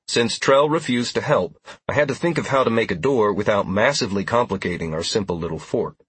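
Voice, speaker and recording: Man, audiobook narration, first person, steady, low voice, husky. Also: a little fast, no room sound.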